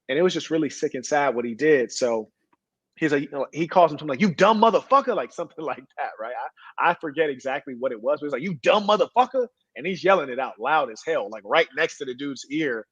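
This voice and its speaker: A man's voice: a little high, no room sound, lo-fi sound. A man telling a rambling, indignant story in slangy speech about being held in booking. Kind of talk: storytelling rant.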